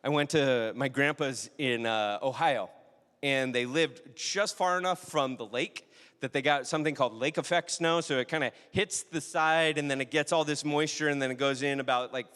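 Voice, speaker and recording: A man's voice: mid-range voice, normal speed, a bit bright, clean tone, in a large hall. A man preaching a sermon in a conversational, storytelling way, often asking the audience questions. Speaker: pastor.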